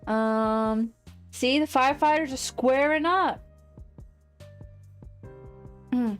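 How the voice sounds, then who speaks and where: A woman livestreaming casual chat, rambling and quick to laugh. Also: high voice, clean tone, soft background music. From United States.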